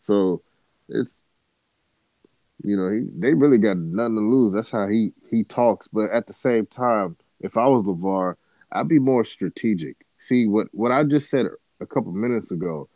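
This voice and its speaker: A man's voice: lowish voice, moderate pace, dark tone, no room sound. A man co-hosting a casual sports talk show, earnestly explaining his points with examples. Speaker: co-host.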